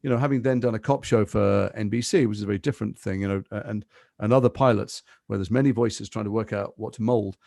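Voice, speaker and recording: An English man in his fifties, a guest actor in a podcast interview, telling stories quickly with lots of asides. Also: lowish voice, gravelly, dry recording, studio quality. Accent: English, Liverpool and London mix. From England. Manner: fast, animated storytelling with asides.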